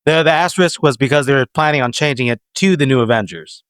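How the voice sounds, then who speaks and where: A man's voice: mid-range voice, quick pace, clean tone, no room sound. A man co-hosting a podcast, chatting casually and giving strong opinions, sometimes restarting his sentences. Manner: animated, opinionated, trails off with restarts. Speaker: podcast co-host. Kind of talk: casual chat.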